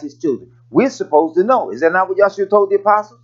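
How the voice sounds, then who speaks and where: Lively-voiced male preacher, dull recording. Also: high-pitched, quick pace. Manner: conversational preaching with folksy asides and scripture readings. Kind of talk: sermon.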